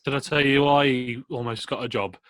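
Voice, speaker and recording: A man, co-hosting a casual chat podcast and telling stories in a lively, animated way. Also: medium pitch, normal speed, no echo. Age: 20s. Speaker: podcast co-host.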